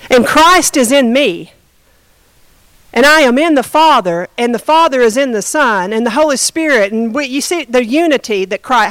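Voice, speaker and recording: A woman's voice: on the high side, fairly bright tone, no room sound, rough recording. A woman pastor giving a conversational sermon, often asking the congregation questions.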